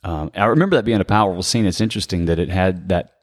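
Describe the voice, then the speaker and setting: A man hosting a faith interview, responding in a measured, reflective way. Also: deep voice, no room sound, clean studio sound. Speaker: host. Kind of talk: interview conversation.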